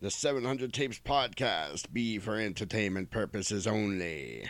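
A man's voice: lowish voice, expressive, measured pace, dry recording. A man putting on a swaggering male pirate voice full of growly pirate slang for a podcast disclaimer. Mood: mock-menacing.

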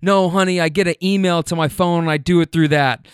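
A man's voice: fairly high pitch, fairly even intonation, fairly quick, smooth, no room sound, clean studio sound, lightly acted. A man voicing a grumpy, flustered older husband who stammers as he brushes off his wife. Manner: stammering, dismissive.

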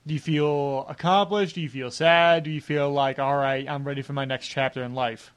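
A young man in his twenties hosts a relaxed podcast chat. His voice sits a little high, and he asks long, easygoing questions that lead his guest through the story. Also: normal speed, smooth. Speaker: podcast host. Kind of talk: casual interview.

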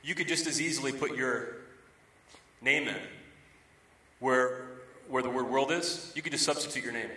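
This man in his thirties preaches conversationally at a moderate pace with long pauses, using everyday stories and emphatic repetition of key phrases. His pastor's voice is bright, forward and medium in pitch. It sounds distant and roomy, recorded from afar in the echoing church sanctuary.

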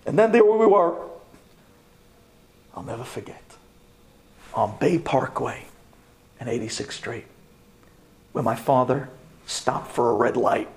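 A man who is a rabbi, telling a personal story to a class in a dramatic storyteller's manner, dropping to a hush at tense moments. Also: medium pitch, slow pace, pauses often. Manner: animated, dramatic storytelling with sudden drops to a hush.

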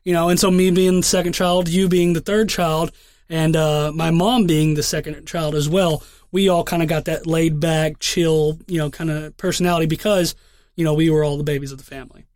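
A man's voice: on the high side, steady tone, fairly quick, a little mellow, no room sound, clean studio sound. A young man co-hosting a podcast, telling rambling stories in casual chat with heavy swearing. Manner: profane, rambling storyteller. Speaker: podcast co-host.

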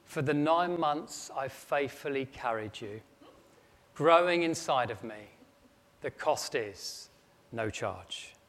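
Bloke voicing a tender mum, soft and slow, echo of a big hall. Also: male voice, mid-range voice, lively intonation. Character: tender loving mother answering her son. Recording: long echo of a large hall.

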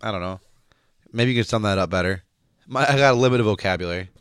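A man's voice: lowish voice, fast talker, a bit bright, smooth, no echo. A man co-hosting a casual beer-tasting podcast in a studio, cracking puns and laughing often. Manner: jokey, punning, laughs often. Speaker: podcast co-host. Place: recording studio.

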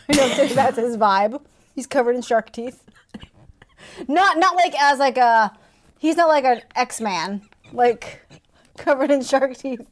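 A woman's voice: high voice, animated, slow. A woman co-hosting a casual book discussion, wry and giggly, often trailing off mid-thought. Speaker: podcast co-host.

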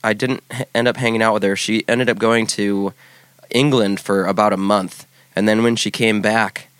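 A man in his forties telling a personal story in casual chat, halting often with restarts and fillers. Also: on the low side, fairly even intonation, fairly bright tone, smooth, no echo. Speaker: podcast guest.

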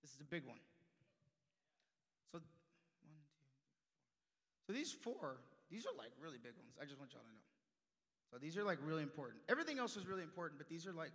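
In a church sanctuary, a young man preaches at a racing pace with a high, bright, ringing voice, animatedly leaping from loud emphasis to hushed asides. A long reverb rolls off the church walls.

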